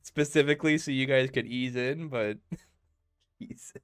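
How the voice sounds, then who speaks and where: A man's voice: mid-range voice, a little slow, smooth, dry recording, studio quality. Laid-back male game master. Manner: casual, laughing, lots of fillers. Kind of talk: narrating a tabletop role-playing game.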